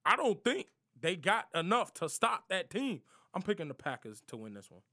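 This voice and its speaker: Young guy, high-pitched, slangy NFL picks vlogger, playful trash talk. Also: big pitch swings, moderate pace, bright, forceful tone. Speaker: sports prediction vlogger. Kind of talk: casual NFL picks monologue.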